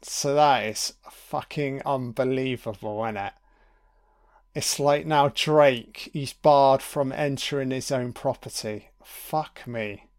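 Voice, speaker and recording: A man's voice: medium pitch, takes it slowly. A man giving a casual, sweary and wry commentary over a film.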